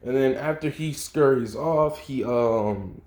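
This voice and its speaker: Slow-talking man telling a story. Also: mid-range voice, a little mellow. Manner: slow, rambling, with swearing and slang. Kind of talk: casual improvised storytelling. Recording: echoey room.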